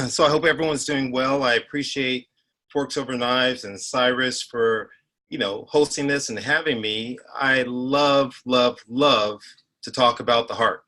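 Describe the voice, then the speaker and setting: A man's voice: mid-range voice, a little slow, pushed and bright. A man in his forties, a heart doctor giving a health talk, telling a story with emphatic repeated phrases. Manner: storytelling, rising to emphatic peaks. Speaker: cardiologist speaker.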